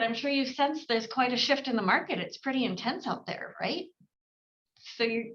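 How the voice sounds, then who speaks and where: Woman sales trainer, higher register, lively coaching delivery, dull lo-fi sound. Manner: energetic, acts out client dialogue with shifted inflection. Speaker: real estate sales coach. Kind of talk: team training talk.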